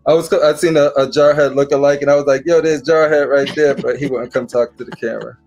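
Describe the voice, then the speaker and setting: Animated middle-aged man telling stories. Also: medium pitch, fast, creaky, dull audio, soft background music. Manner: animated storyteller, acts out dialogue. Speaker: podcast host; father. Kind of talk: casual chat.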